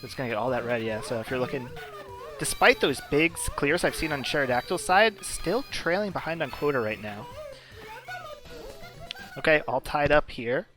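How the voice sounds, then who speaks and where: A man's voice: medium pitch, lively intonation, moderate pace, music in the background. Chatty explanatory esports commentator, man. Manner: chatty, explanatory, filler-heavy.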